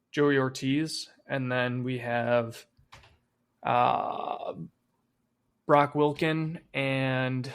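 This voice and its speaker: A man co-hosts a sports podcast in relaxed, casual chat. His middle-pitched voice carries a gravelly edge, and he swears freely and trails off with fillers as he talks. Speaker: podcast co-host.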